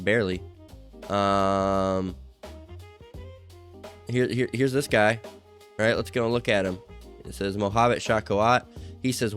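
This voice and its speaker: Low-pitched male commentator, rambling and profane, reads comments over faint guitar. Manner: rambling, full of fillers and profanity. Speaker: online commentator. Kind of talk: casual commentary reading out comments.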